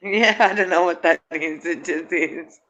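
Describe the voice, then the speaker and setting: A woman's voice: fairly low pitch, unhurried, fairly bright tone, dull audio. A middle-aged woman, a guest in a casual chat, rambling and hesitant with many fillers and restarts.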